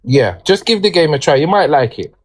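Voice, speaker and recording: A man's voice: on the high side, big pitch swings, fairly quick. A man with an English accent hosting a game on a livestream, polite and hesitant, with fillers and restarts. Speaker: game host.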